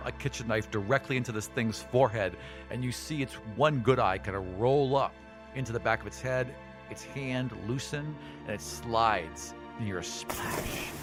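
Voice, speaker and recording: A man's voice: mid-range voice, moderate pace, over loud music. A man narrating a tabletop game as game master, painting gory scenes in a casual way. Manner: vivid, gory scene-setting with casual fillers.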